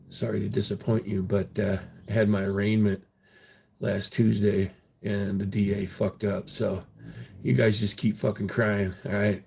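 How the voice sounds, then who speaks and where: A man's voice: on the low side, gravelly, dark tone. A man on a casual livestream who rambles through his stories with lots of ums and restarts. He taunts his chat with crude language and laughs as he talks. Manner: taunting, profane, laughing at viewers; rambling with many fillers and restarts.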